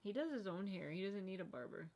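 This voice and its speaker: A woman's voice: medium pitch, lively intonation, fast talker, darkish tone. Female livestream co-host, playful teasing banter, casual. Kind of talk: casual live stream chat.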